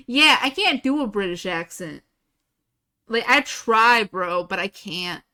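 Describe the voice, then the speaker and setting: A woman's voice: medium pitch, expressive, a little slow, sharp tone. A young woman livestreaming, chatting casually with her viewers in a rambling way, laughing often and swearing freely.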